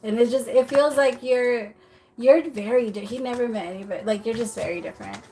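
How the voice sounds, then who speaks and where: A woman's voice: on the high side, a little fast, mellow, a little hiss or hum. Giggly chatty woman reading tarot. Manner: chatty, giggly, many fillers and restarts. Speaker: tarot reader. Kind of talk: casual livestream tarot reading.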